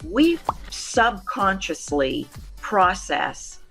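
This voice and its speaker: A woman's voice: mid-range voice, big pitch swings, very slow, a bit bright, faint music behind. A middle-aged woman, a voice coach, answering interview questions in an emphatic, teacherly way. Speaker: voice coach guest.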